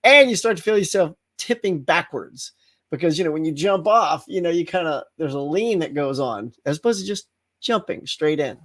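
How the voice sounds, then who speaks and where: Middle-aged man, livestream host, casual chat, animated storytelling, acted-out yells, slightly high voice. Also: moderate pace.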